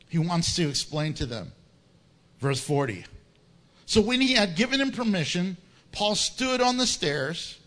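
A man preaching a verse-by-verse sermon, acting out the people in the story and laughing often. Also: high voice. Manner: animated, acts out voices of biblical figures, laughs often. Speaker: pastor. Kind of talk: sermon, verse-by-verse Bible teaching.

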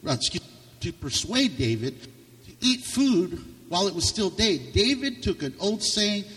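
Male pastor, sermon, rises and drops in volume, higher voice, heard from afar in a reverberant hall. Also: big pitch swings, unhurried. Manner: impassioned, swings from loud to hushed. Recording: reverberant hall, distant mic.

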